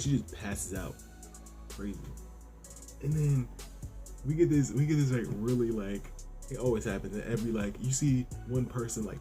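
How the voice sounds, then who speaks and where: Slangy young man reviewing a manga. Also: lowish voice. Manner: excitable, slangy, profane, acts out the characters' lines. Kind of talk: casual reaction commentary.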